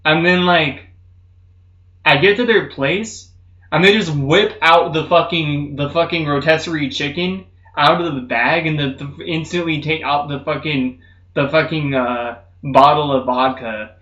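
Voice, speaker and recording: A man's voice: steady tone, measured pace. Profane young man rambling "dude"-heavy stories. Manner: does loud high-pitched mocking voices in stories. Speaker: streamer. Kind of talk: casual storytelling chat. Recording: roomy, slightly muffled stream audio.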